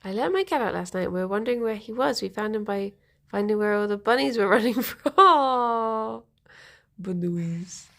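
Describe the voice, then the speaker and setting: A woman's voice: medium pitch, quick pace, gravelly. A young woman chatting casually on a live stream, giggling and answering viewer comments.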